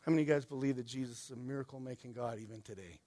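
A man's voice: mid-range voice, racing, mellow. A man preaching a sermon in a casual, conversational way, often checking in with "right?" and asking the congregation questions. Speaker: pastor.

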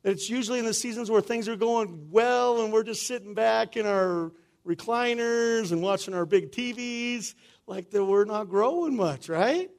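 A man's voice: sits high, normal speed. A male pastor, preaching a sermon in a conversational way, often asking "right?" and calling the room "y'all".

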